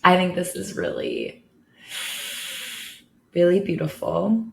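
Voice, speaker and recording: A woman's voice: on the low side, huge pitch swings, slow, creaky, slight background noise. A woman therapist reacting to a song in a casual video, talking in an emotional, gushing way and saying "like" a lot. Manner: emotional, gushing, heavy use of "like". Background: faint song playing.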